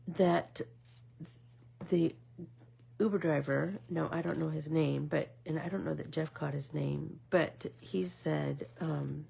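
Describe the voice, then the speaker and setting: Woman, middle-aged, art vlogger, casual chat, gravelly, husky, rambling with fillers. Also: low voice, steady tone, slow. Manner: rambling storytelling with many fillers, drops to soft whispers.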